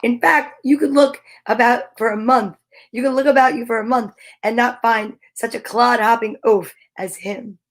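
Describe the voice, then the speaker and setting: A woman's voice: a little high, fairly even intonation, moderate pace. A woman hosting a children's storytime, reading a storybook aloud playfully and animatedly, with chatty asides. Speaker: storytime host.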